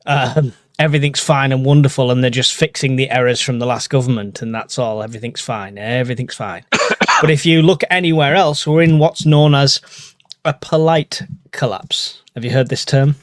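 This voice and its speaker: A man's voice: medium pitch, moderate pace, no room sound, clean studio sound. A man from the UK hosting a live podcast stream in casual chat, joking and laughing often. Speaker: podcast host.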